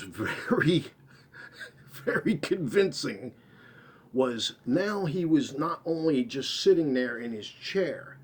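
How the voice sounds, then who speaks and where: In a medium-pitched voice, a man rambles through a story about himself, repeating and correcting himself as he goes. His phrases fade quietly at the ends, and there's slight background noise.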